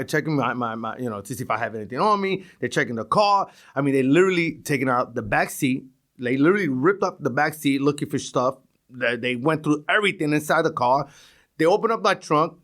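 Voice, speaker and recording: A middle-aged guy tells stories from the street in a loose, profane way. He keeps tripping over and repeating his words. His voice sits a bit high for a man. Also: fairly bright tone. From East New York, Brooklyn. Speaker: retired police sergeant, guest. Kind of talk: casual storytelling.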